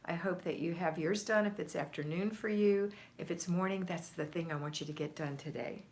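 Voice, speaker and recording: A woman's voice: on the low side, a little fast, darkish tone. An American woman hosting a home-organizing livestream, chatting casually and greeting viewers by name, a little out of breath. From United States. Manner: chatty, reads viewer comments aloud and greets them by name. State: slightly out of breath.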